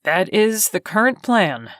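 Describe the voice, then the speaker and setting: A guarded, steady man on the run, as a woman narrator puts him on, his lines dropped low and kept short and firm. He speaks slowly in a dry, close storybook reading. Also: no room sound. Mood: terse.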